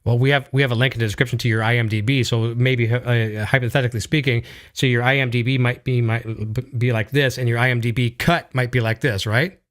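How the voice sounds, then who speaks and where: Fast-talking Canadian host. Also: male voice, mid-range voice, steady tone, a bit bright. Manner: eager, rambling, full of fillers. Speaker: show host. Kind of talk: casual video interview.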